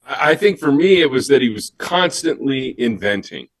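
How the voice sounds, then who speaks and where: A man telling a story on a panel, animated and giggly, acting out what others said. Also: medium pitch, normal speed, dry recording.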